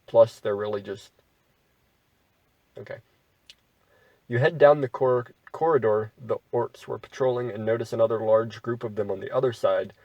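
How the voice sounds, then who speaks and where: Guy reading out a text adventure, gravelly, kinda husky, dry bemused comments. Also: medium pitch, moderate pace, long pauses, a little mellow, dry recording, distant mic, muffled recording. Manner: wry, bemused asides between read-out passages. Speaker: gamer playing an AI text adventure.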